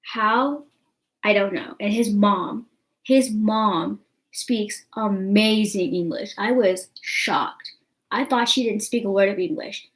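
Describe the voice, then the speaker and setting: Speaking slowly in a mid-range voice, a young female vlogger rambles through a story to her camera, chatty and packed with fillers such as "you know what I'm saying." The recording is low quality.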